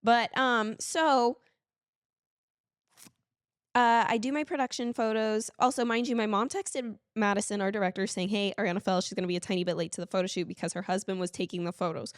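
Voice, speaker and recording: Telling a story with lots of laughter, a woman co-hosting a casual podcast speaks briskly in a medium-pitched, steady tone. She squeals whenever she quotes herself, and the clean studio sound has no room sound.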